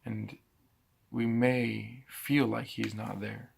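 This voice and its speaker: A man with a low, heavily gravelly voice and a husky edge talks through a scripture passage. He thinks aloud, stopping and restarting his sentences as he teaches. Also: flat delivery, slow. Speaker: preacher. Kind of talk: casual bible teaching.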